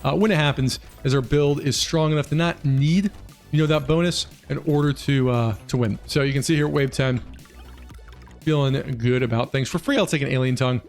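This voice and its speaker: A man casually talking through a game build as a guide host, quick and chatty with frequent fillers. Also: mid-range voice, a little mellow. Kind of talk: casual gameplay commentary. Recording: faint music behind voice.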